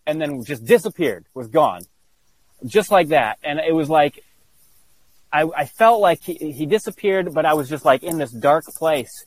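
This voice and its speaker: A man as an interview guest, telling a personal story earnestly, halting with many restarts and fillers. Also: a little high, poor audio.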